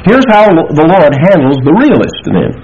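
A man's voice: fairly high pitch, wildly swooping pitch, normal speed, darkish tone, a little hiss or hum. A man preaching an expository sermon, emphatic, working through scripture verse by verse. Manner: emphatic, quotes scripture with rising intensity. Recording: muffled lo-fi sermon recording.

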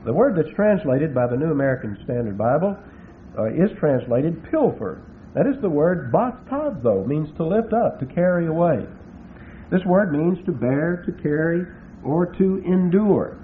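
A man preaching an expository Bible sermon, slowing down to stress and spell out Greek words. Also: on the high side, sing-song. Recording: tinny phone-like recording with faint hiss.

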